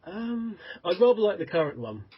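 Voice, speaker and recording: A man's voice: high voice, very animated, normal speed, husky. A man who founded a fan site, chatting hesitantly on a podcast with many restarts and ums. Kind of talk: casual podcast chat. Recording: dull lo-fi audio.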